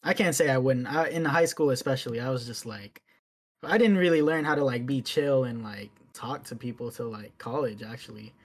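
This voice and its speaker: A man in his twenties in casual podcast chat, relaxed and reflective, laughing easily. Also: medium pitch, normal speed.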